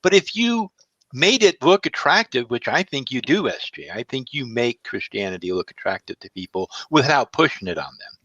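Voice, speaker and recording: A man with a bright, forceful voice, thinking aloud in a group chat and acting out little scenes as he goes. His mic sounds dry and a little dull. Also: medium pitch, moderate pace, no echo. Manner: reflective, lively, acts out scenes. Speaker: non-Christian panelist. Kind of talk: casual panel chat.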